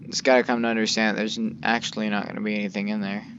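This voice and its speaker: A man's voice: lowish voice, little pitch movement, quick pace, fairly bright tone, highs cut off, a little hiss or hum. A man giving casual gameplay commentary, rambling with lots of fillers and mild cursing into a desk microphone. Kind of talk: casual let's-play commentary.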